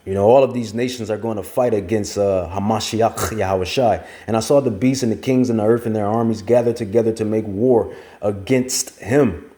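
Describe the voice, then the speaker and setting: Male preacher, low mellow voice, emphatic, repeats himself while reading verses. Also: fairly even intonation, normal speed, hardly any pauses. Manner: rambling, emphatic, repeats phrases. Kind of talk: scripture teaching.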